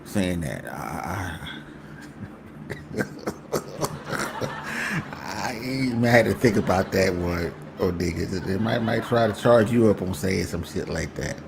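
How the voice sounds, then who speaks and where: A man's voice: low voice, expressive, measured pace, gravelly, noisy background. A man hosting a casual livestream, talking in a loose, joking, slangy way. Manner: loose, joking and slangy, often trailing into laughter. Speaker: host.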